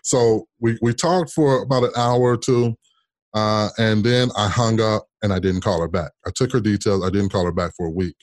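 A man from Kansas, a state senator, telling a personal story as an interview guest in an animated way, often repeating words as he goes. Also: on the low side, normal speed, dry recording. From Kansas, United States.

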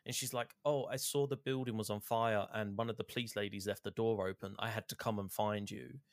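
A man with a fairly low voice retells video game scenes in a loose, rambling way, quoting the characters as he goes. The recording is dry and close, with no room sound. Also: fairly even intonation, a little fast, dry recording. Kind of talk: casual chat recapping a video game.

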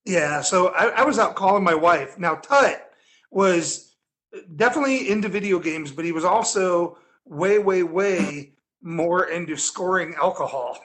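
High-voiced man telling a rambling story. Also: a little slow. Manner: rambling, animated, laughing often. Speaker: podcast guest storyteller. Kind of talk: casual storytelling.

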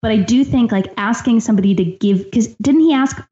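A woman's voice: fairly high pitch, brisk, warm tone. A woman co-hosting a casual podcast, thinking aloud with many restarts. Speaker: podcast co-host. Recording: echoey room, dull lo-fi mic.

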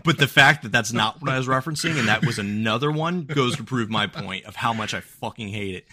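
A man's voice: medium pitch, a little fast, pushed and bright. A man co-hosting a casual podcast, ranting in an exaggerated way and swearing often. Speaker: podcast co-host.

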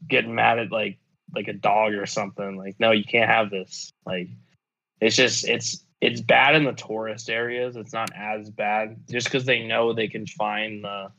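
A man's voice: lowish voice, vocal fry, a bit bright, dull audio. A man telling a rambling, profane story in casual chat, full of fillers and restarts. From United States.

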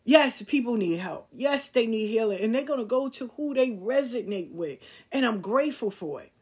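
A middle-aged woman with a husky, slightly high voice delivers a candid monologue to her listeners. She is blunt and emphatic and swears without hesitation. She lectures like someone laying down hard truths. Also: animated, normal speed. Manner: preachy, lecturing tone. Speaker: podcast host.

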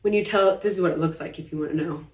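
A woman's voice: on the low side, racing, a little mellow, a little hiss or hum. A young woman talking on a late-night live video, rambling and confessional and holding back tears, saying she feels anxious. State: anxious, heart racing. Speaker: business owner livestreaming. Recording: roomy echo, somewhat far from the mic.

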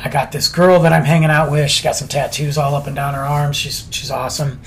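A man's voice: a little high, flat delivery, brisk, fairly bright tone, a little hiss or hum. A man casually telling a story on a podcast, laid-back and chatty with lots of slang.

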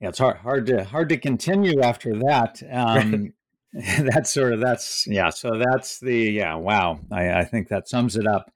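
A male author reading from his book and then reflecting on it, hesitant and full of fillers. His voice is fairly low, and the sound is close and dry with no room behind it. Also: animated, measured pace, no room sound.

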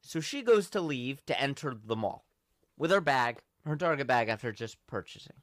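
A young man hosting a podcast, telling a story in a casual, animated way and acting out the quotes. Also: medium pitch, normal speed, no room sound. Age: young adult. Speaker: podcast host.

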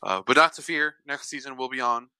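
A man co-hosting a podcast in casual chat, joking and laid-back, often filling pauses with "uh". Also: mid-range voice, animated, sharp tone, smooth, dry recording. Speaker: podcast co-host.

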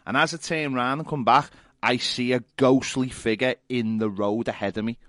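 A man, telling a lively anecdote on a casual podcast, laughing as he goes. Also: mid-range voice, normal speed, no room sound, studio quality. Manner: animated anecdote teller, laughs often. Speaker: podcast co-host. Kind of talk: casual storytelling chat.

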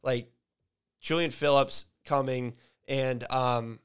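A man's voice: mid-range voice, fairly even intonation, slow pace, clear, resonant tone. A man in a casual sports chat, loose and swearing, leaning on filler words. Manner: loose, swears freely, leans on "like".

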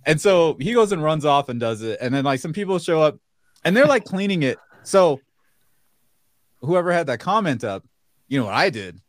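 A man's voice: fairly high pitch, moderate pace, no echo. A man who works as a DJ, telling stories in casual chat and acting out the quotes with lots of laughter. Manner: animated storyteller, acts out quotes, laughs often. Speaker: DJ and podcast co-host.

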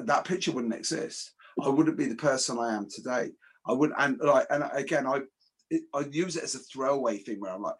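Husky English man telling stories. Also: medium pitch. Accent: English Midlands. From England. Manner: animated storyteller, swears casually, repeats words. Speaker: martial arts instructor. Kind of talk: casual podcast chat.

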